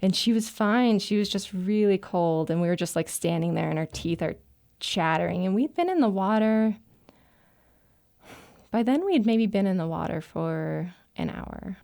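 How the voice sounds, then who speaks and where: Woman telling a lively story. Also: mid-range voice, moderate pace, vocal fry. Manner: lively, breathless retelling with laughs and "like" fillers. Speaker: writer telling a personal story. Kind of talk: casual first-person storytelling.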